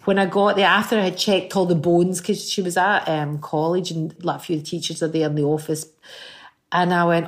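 A woman's voice: fairly low pitch, a little fast. A middle-aged Scottish woman, a guest singer on a chat show, telling anecdotes and acting out the voices in them. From Scotland. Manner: animated storyteller, acts out voices in anecdotes.

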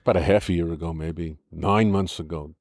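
A man's voice: low-pitched, steady tone, fairly quick, darkish tone, no room sound, studio quality. An older man with an American accent, explaining and arguing his views in a conversational interview, often restarting his sentences. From United States. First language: English. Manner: argumentative, explanatory, frequent restarts.

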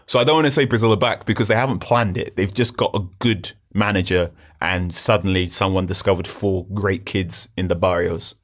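A man rambling through animated, storytelling football chat on a podcast. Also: deep voice, fairly quick, few pauses. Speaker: podcast panelist.

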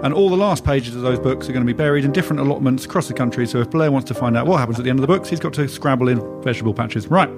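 A man hosting a comedy music podcast in a studio, rattling through absurd bits with a deadpan manner. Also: mid-range voice, rapid-fire, hardly any pauses. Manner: deadpan, rambling absurd jokes. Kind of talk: comic banter in a music podcast. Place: recording studio.

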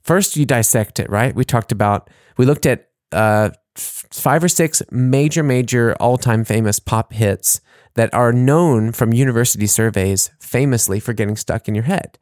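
A man's voice: mid-range voice, moderate pace, few pauses, a little mellow, no echo, studio quality. A man co-hosting a podcast in casual chat, rambling and laughing at his own jokes. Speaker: podcast co-host.

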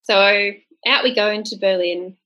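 A young adult woman telling a long story in casual chat, animated and acting out the people she quotes. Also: a little slow, muffled recording. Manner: animated, acts out quoted people with pitch jumps. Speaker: podcast co-host telling a story.

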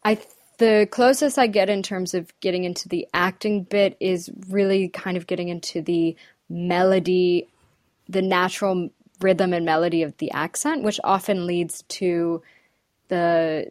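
A woman's voice: lowish voice, steady tone, unhurried, darkish tone, dry recording. A woman working as an accent and dialect coach, talking thoughtfully in a casual interview, with many ums and restarts. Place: lives in the UK.

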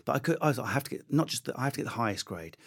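A man being interviewed as a comedian guest, telling stories in a rapid, animated, self-deprecating way with frequent restarts. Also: mid-range voice, creaky. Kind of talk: conversational interview storytelling.

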